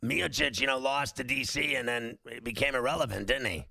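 A man's voice: medium pitch, brisk, vocal fry, no room sound. A man hosting a sports radio show, talking casually and at length with lots of fillers. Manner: animated, rambling, lots of fillers.

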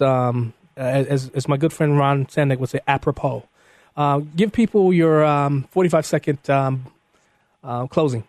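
A man hosting a radio talk show, chatting in an animated way, often repeating words and restarting. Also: on the high side, no room sound. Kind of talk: casual radio chat.

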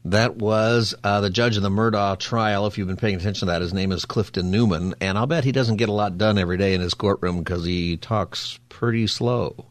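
A male radio host with a lowish voice, talking fast and loosely. He rambles through the news with playful asides. The studio sound is dry and close. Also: dry recording. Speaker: radio talk show host. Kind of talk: casual radio talk. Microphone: studio microphone.

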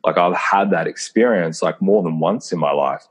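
A man with a very deep, husky voice talks earnestly in a casual call conversation. He reflects as he goes, circling back with fillers and restarts. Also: moderate pace. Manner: acts out his own inner voice in quoted asides.

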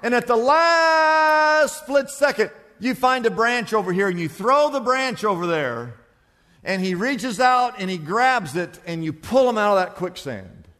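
A man's voice: high-pitched, sing-song, moderate pace, a bit bright, big-room sound. A man preaching a sermon, telling a story and acting out the people in it. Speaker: pastor.

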